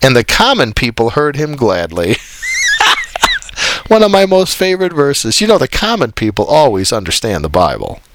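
A man's voice: mid-range voice, huge pitch swings, brisk, hardly any pauses. A man leading a Bible study as a preacher, scolding his listeners and reading scripture aloud in an exasperated tone. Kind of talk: combative Bible study sermon.

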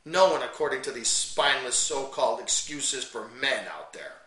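Man, Bible teacher, fiery sermon, quiet to loud angry swings, emphatic scripture reading, bright voice, echoey room. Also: medium pitch, normal speed, far from the mic.

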